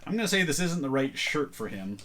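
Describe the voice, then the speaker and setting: A man's voice: on the high side, big pitch swings, fairly quick, pushed and bright, a little hiss or hum. A man casually chatting through a thrift haul, thinking aloud as he sorts items. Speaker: reseller showing a thrift haul. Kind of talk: casual vlog chat.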